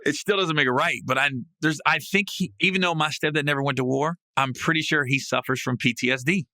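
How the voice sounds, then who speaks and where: On his podcast mic, a male host tells a comedic story in a bright, forceful, fairly high voice at a fairly quick clip. Casual and freely swearing, he is animated and keeps leaping into loud, high laughing outbursts. The sound is dry and close, with no echo or room around it.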